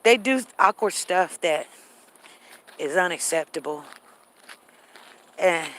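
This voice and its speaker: A woman with a lowish, fairly bright voice live-streams while walking outdoors through a neighborhood, speaking slowly but animatedly. She chats candidly, repeats herself and reads chat comments aloud, with a little hiss or hum in the audio.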